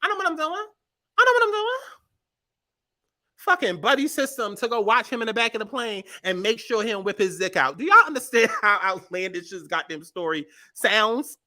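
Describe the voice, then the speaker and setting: Young woman host, bright punchy voice, cusses and riffs in disbelief. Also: fairly high pitch. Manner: animated, profane, exasperated riffing. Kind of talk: comedic commentary.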